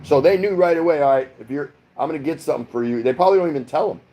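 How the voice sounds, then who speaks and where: A man's voice: on the high side, very fast, mellow. A middle-aged man from the United States hosting a casual livestream from his home, rambling as he reads viewer comments aloud and chats back. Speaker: livestream host. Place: home in the Philippines.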